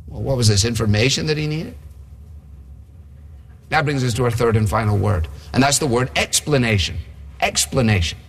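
A man's voice: fairly high pitch, fairly bright tone. A male preacher giving a sermon in a conversational way, often asking his listeners rhetorical questions. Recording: long hall reverb.

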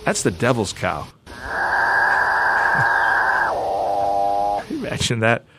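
Animated joking male show host. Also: fairly low pitch, extremely slow, heavy background noise. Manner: playful, animated, full of restarts and asides. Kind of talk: joking broadcast segment.

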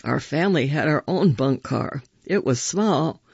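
A man voicing an older mother who reminisces softly and wistfully. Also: on the high side, animated, measured pace, vocal fry, breathy edge, dry recording, muffled recording, exaggerated voice. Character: older mother, gentle and nostalgic.

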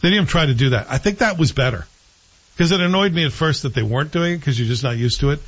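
A man co-hosting a show and chatting in an opinionated, animated way about TV series. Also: a little high, fast, slightly rough. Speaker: show co-host reviewing TV. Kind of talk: casual chat. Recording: dull lo-fi sound.

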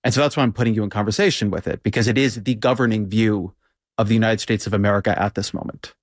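A man hosting an interview who asks measured, probing questions. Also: lowish voice, steady tone, no echo, clean studio sound. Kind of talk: interview conversation.

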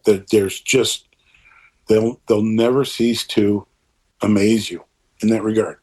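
An older man speaks slowly in a low, slightly husky voice during an interview conversation. He is earnest and rambling, with animated asides.

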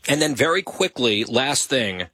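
Teasing male host with a bright voice. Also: medium pitch, big pitch swings, a little slow, husky, dry recording. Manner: dry, teasing humor. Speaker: talk show host. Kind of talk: casual banter.

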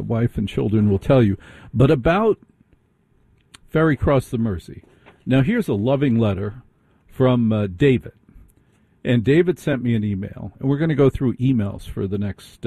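A middle-aged male overnight radio host with a husky, mellow tone and a dry, close sound. He talks casually, with wry, self-deprecating asides, as he reads through listener mail. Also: mid-range voice, no echo. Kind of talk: casual radio talk reading listener emails.

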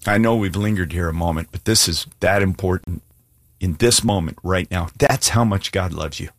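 Deep husky-voiced preacher, a man. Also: moderate pace, dry recording, clean studio sound. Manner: earnest, emphatic, plain-spoken with casual asides. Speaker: pastor. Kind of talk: sermon with altar call.

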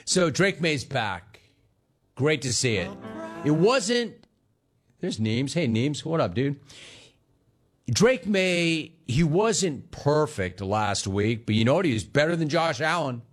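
A man's voice: on the high side, sing-song, slow pace. A man hosting a sports talk radio show, ranting and telling stories with sarcasm, mimicking callers and his own family.

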